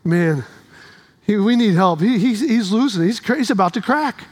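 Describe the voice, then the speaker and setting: A man's voice: sits high, lively intonation, moderate pace, darkish tone, pitched below the performer's own voice. Preacher playing anxious male disciples; fretful, gossipy asides. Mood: alarmed. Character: worried male disciples gossiping about their teacher.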